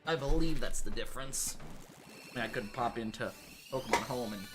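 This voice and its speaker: A worn-out male streamer talks through his game in a loose, rambling way, full of fillers and restarts, while sliding into a put-on British-sounding accent. His pitch sits in a plain middle range, and soft game music plays behind him. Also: brisk. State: tired. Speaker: livestreaming gamer. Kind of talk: casual gameplay commentary.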